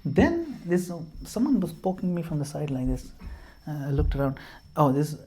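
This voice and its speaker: A man's voice: fairly high pitch, sing-song, moderate pace, warm tone. A middle-aged man from Gujarat giving an informal devotional talk, telling stories and laughing at himself. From Gujarat, India. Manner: storytelling, laughs at himself, mixes in Hindi and Sanskrit verses. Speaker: speaker at a devotional home program.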